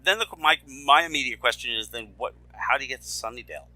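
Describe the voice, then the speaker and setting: A man co-hosting a podcast in casual chat, lively with stammering restarts. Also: medium pitch, fast talker, no room sound, rough recording. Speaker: podcast co-host.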